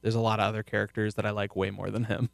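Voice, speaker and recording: A man chatting casually about a TV show as co-host, rambling and restarting, often trailing off quietly. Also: fairly low pitch, little pitch movement, rapid-fire, creaky, no echo, clean studio sound. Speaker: podcast co-host.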